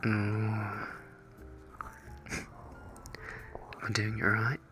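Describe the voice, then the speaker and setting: A young man in his twenties, whispering softly into a close mic as an ASMR streamer reading chat questions. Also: lowish voice, completely flat delivery, very slow, over loud music.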